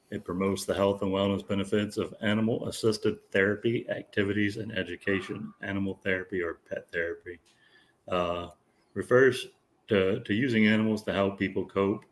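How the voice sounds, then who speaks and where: A man reading out a list of monthly news items as a show guest, in a steady, measured way. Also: low voice.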